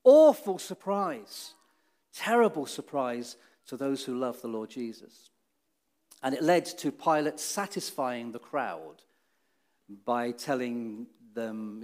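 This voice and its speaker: A man with a slightly raised voice leads a children's talk in a church hall. He tells the story with restarts and hesitations, lifts his voice for dramatic moments and sinks low and quiet for the solemn ones. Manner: storytelling with many restarts, dramatic rises and hushed drops. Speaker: preacher.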